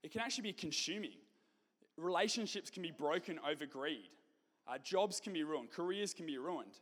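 A high-voiced man gives a casual talk to a youth group, joking and chatting as he goes. His voice rings out with a long reverb in a large hall. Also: animated, normal speed, a bit bright. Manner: chatty, joking, conversational with fillers.

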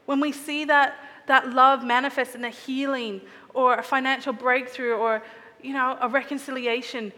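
A woman's voice: sits high, fairly even intonation, moderate pace, pushed and bright, long reverb tail. A woman preaching a sermon in an earnest, reflective way, often asking her listeners searching questions.

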